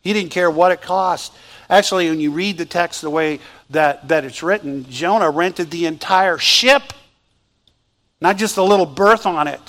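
A male pastor preaching a sermon as lively storytelling, asking the congregation questions. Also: on the high side, moderate pace.

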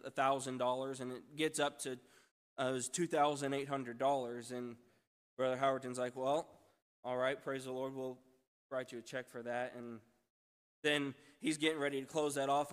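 A man's voice: mid-range voice, little pitch movement, normal speed, smooth. A man, a missionary, telling a church testimony in a storytelling way, breaking off and restarting often and praising God as he goes. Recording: long church hall reverb.

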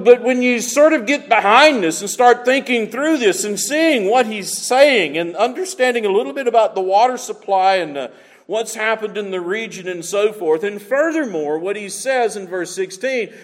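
Lively high-voiced preaching man in a hall. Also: moderate pace. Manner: emphatic preaching, repeats key words for effect. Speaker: pastor. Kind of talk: sermon.

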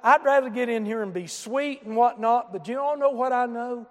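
A preacher with a strikingly high voice delivers an emphatic sermon. He drops to quiet asides, then rises to shouted emphasis. His voice rings out with the long reverb of a church hall. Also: moderate pace, hardly any pauses. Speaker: pastor. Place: church sanctuary.

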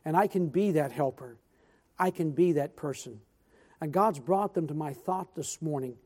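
A man preaching a church sermon, telling a story in a folksy, animated way with repeated words and restarts, then closing with earnest pleas. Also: on the high side, moderate pace. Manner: earnest, appealing pleas asking amen. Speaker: pastor. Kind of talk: sermon with storytelling and altar call. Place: church sanctuary.

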